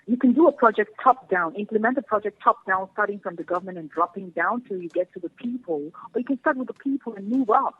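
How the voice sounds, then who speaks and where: A woman's voice: mid-range voice, animated, fast, hardly any pauses, slightly rough, no echo. A woman, a guest speaking earnestly and passionately over the phone, repeating her key phrases. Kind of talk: phone interview. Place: home in Germany. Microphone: phone line. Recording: tinny phone line.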